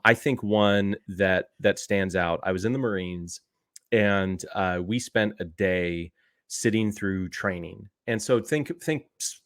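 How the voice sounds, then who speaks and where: Low-voiced man telling a sarcastic story. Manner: animated, sarcastic storyteller who laughs at his own stories. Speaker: podcast co-host. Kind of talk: casual chat, storytelling.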